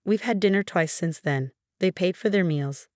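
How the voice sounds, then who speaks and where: Low-voiced woman narrating a story. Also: normal speed, dry recording, studio quality. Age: 30s.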